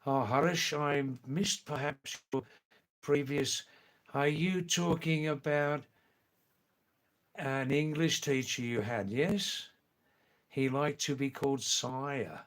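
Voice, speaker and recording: A man's voice: fairly high pitch, slow. A man hosting a casual live stream, chatting with viewers in a teasing way and repeating phrases for effect.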